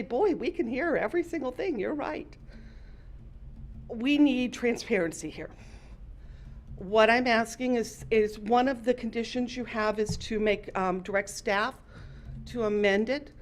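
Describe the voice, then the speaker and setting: A woman's voice: medium pitch, slight background noise. Emotional woman giving public comment. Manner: emotional, earnest, apologetic. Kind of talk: public comment at a city meeting.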